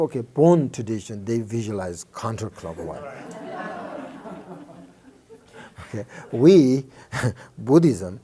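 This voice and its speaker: Slow, soft-toned Buddhist teacher, a man. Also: medium pitch, breathy edge. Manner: halting, many fillers and restarts; checks in with listeners often. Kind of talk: informal dharma teaching.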